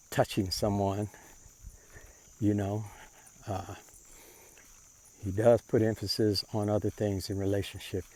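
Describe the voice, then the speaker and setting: Low-voiced man preaching in plain speech. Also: a little mellow. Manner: unhurried, repeats and rephrases himself; plain-spoken with informal grammar. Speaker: self-described prophet giving commentary. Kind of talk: monologue on faith and social issues.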